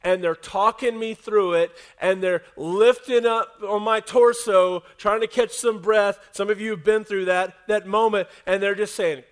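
High-voiced man preaching conversationally. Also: fairly even intonation, measured pace, few pauses, clear, resonant tone. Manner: conversational preaching, dropping to a soft hush for emphasis. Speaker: pastor. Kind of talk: sermon. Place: church service with a congregation.

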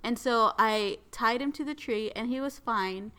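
A woman in casual conversation, recounting a mishap with lively, animated delivery. Her voice is bright and forward. She talks in a relaxed, everyday way. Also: a little high, a little slow, slight background noise. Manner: animated, breathless storytelling. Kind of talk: casual storytelling chat.

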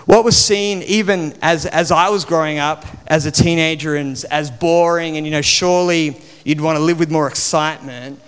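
A man gives a sermon in a loose, chatty way, dropping plenty of fillers as he goes. His voice is slightly high and notably smooth and resonant. It rings out with a long reverb from the hall around him. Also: fairly even intonation, normal speed, hardly any pauses, fairly bright tone. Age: 40s. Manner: conversational, chatty with many fillers. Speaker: preacher.

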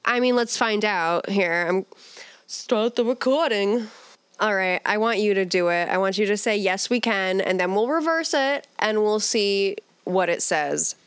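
Woman, podcast co-host, casual chat, laughs a lot, smooth clear voice, dry close-miked sound. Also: medium pitch, measured pace, no echo. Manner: laughs often, explains with playful enthusiasm.

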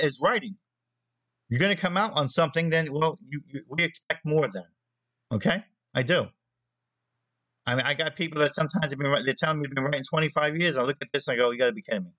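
A man's voice: on the high side, a bit bright, no echo, low-quality recording. Guy ranting on his show, blunt and punchy, repeats himself for emphasis, dry close sound. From New Jersey. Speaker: magazine editor. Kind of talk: opinion monologue on a show.

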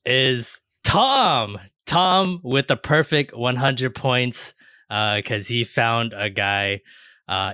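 A man's voice: medium pitch, sharp tone, dry recording, clean studio sound. A man hosting a casual roundtable podcast. He stammers, repeats words and swears often. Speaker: podcast host.

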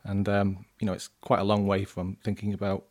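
A man's voice: fairly low pitch, monotone, a little fast. A man in his thirties with a northern English accent, a guest journalist on a podcast, speaking hesitantly with many ums and restarts. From northern England. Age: 30s. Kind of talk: casual podcast chat.

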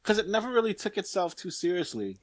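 A man's voice: high voice, big pitch swings, fast talker, no room sound. A man chatting casually as co-host, making dry quips and laughing often. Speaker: podcast co-host. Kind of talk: casual chat.

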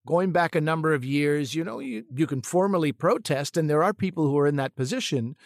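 A man's voice: a little high, a little fast, no room sound, studio quality. A man who co-hosts a podcast and works as a comedic actor, talking casually and thoughtfully, often restarting his sentences as he tells a story.

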